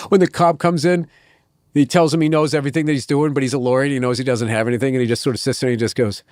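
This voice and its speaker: A man's voice: medium pitch, fairly even intonation, rapid-fire, darkish tone, no echo, clean studio sound. A middle-aged man, a comedian guest, telling rambling, profane anecdotes in a casual interview. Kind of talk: casual storytelling.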